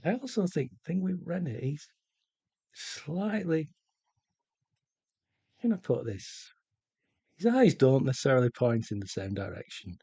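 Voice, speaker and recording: A middle-aged man chatting casually while he paints, slow and rambling with many pauses. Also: fairly high pitch, very animated, creaky, mellow, breathy edge, no echo. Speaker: art vlogger.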